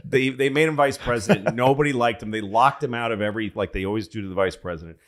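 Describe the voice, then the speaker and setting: Low-voiced man telling a rambling story. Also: fast talker. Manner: rambling, profane, full of restarts. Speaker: comedian guest. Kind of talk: casual storytelling on a podcast.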